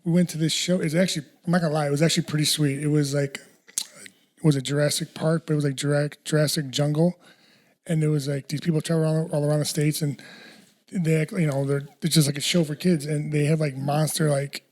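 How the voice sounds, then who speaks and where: A man's voice: fairly high pitch, level tone, quick pace, a little mellow. A man hosting a casual podcast chat, telling a rambling story with lots of restarts and casual swearing. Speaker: podcast host.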